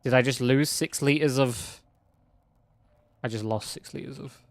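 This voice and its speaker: A man's voice: medium pitch, unhurried, dry recording. A man streaming a video game, joking casually with friends on voice chat. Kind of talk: casual gaming livestream chat.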